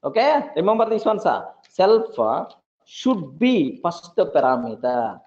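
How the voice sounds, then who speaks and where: Programming teacher, male, high and animated pitch, repeats himself, keeps checking that students follow, lo-fi recording. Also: unhurried. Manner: repeats points, checks for understanding often. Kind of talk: classroom lecture. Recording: dull lo-fi recording.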